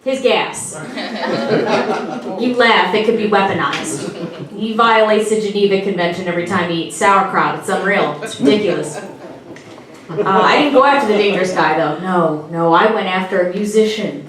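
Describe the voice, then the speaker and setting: A woman's voice: mid-range voice, moderate pace, fairly bright tone. A woman doing a stand-up comedy routine on a club stage, with playful, teasing audience banter. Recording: echoey club from far, with audience. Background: audience laughter.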